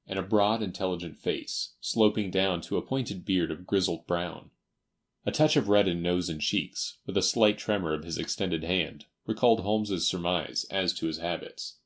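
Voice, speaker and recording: A man narrates a classic story as an audiobook. His voice sits low and deep, and his reading is even and measured. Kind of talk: scripted narration.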